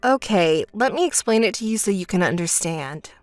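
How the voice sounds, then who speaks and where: A woman voicing a calm, level-headed young woman who answers her sister flatly and sarcastically, in a texting-story voice-over. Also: medium pitch, moderate pace, dry recording, faint music behind, lightly acted. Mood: dry. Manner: flat, dry, sarcastic.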